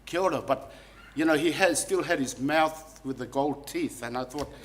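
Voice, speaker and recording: A man's voice: medium pitch, moderate pace, slight background noise. Rambling New man giving a eulogy. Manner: rambling, folksy storytelling. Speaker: funeral director and celebrant. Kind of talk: funeral eulogy. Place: funeral service.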